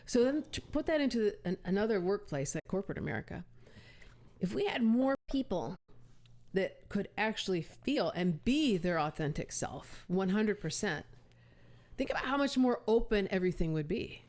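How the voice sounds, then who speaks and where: A woman's voice: medium pitch, big pitch swings, normal speed, darkish tone. Casting: woman podcast guest, earnest and conversational, repeats herself while making a point. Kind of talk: casual conversational chat.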